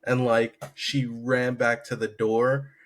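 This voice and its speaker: A man's voice: mid-range voice, slow pace. Laid-back guy chatting on a podcast, jokey, trips over his words. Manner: relaxed and joking, stumbles and restarts, laughs at his own stories. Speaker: podcast co-host. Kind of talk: casual chat.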